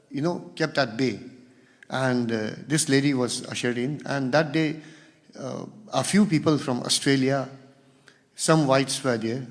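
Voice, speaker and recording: A man giving a spiritual talk as guest speaker, telling stories and acting out the quoted dialogue. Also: medium pitch. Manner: storytelling, acts out quoted dialogue. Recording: long hall reverb.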